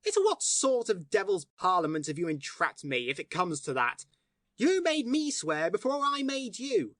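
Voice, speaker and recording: A woman's voice: lowish voice, sing-song, normal speed, no echo, studio quality. A woman reading an audiobook, voicing a cool and grave young male detective.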